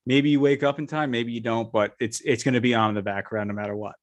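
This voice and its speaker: A man's voice: mid-range voice, fairly even intonation, quick pace. A man co-hosting a casual sports betting podcast, reading off betting stats in a laid-back way.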